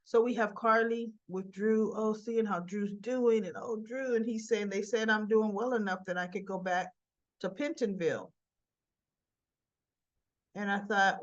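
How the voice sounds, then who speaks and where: A chatty woman recaps a soap opera episode in a casual, rambling way, slipping into the characters' lines with fillers and asides. Her voice sits in a middle pitch for a woman, and the recording sounds a bit dull and lo-fi. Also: moderate pace.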